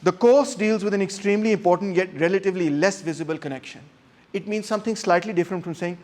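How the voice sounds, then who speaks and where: An animated man lecturing a class, his voice sitting fairly high for a man. He talks straight to the room without a microphone, acting out examples with strong emphasis. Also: quick pace. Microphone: no microphone, unamplified voice.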